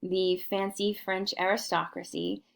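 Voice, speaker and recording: Playful woman with a gravelly voice. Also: mid-range voice, flat delivery, measured pace. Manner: playful and theatrical, with mock-aristocratic asides. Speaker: art history teacher. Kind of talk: lively recorded art history lecture.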